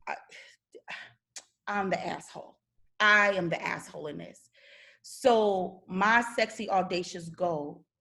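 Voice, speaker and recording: Woman, middle-aged, live-stream relationship coach; candid, confessional storyteller. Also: on the low side.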